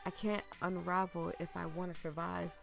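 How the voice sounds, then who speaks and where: A woman reading a story game aloud, breaking off into excited, chatty asides, and losing her voice. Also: on the low side, normal speed, creaky, music in the background. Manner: excitable, chatty asides between read lines. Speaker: gaming streamer. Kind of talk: reading a visual novel aloud with live reactions.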